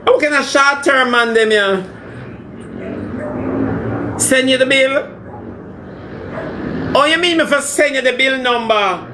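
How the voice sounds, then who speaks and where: A man playing a brash, demanding Jamaican woman in a comedy skit, talking in loud patois banter that moves between scolding and wheedling. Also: extremely high pitch, takes it slowly, pauses often, background noise.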